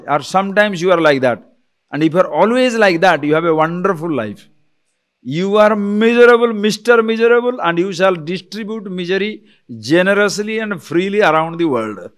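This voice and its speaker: A man lectures on spiritual texts as a teacher. His voice sits slightly on the high side. He talks animatedly, keeps asking rhetorical questions and often chuckles. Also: lively intonation, moderate pace.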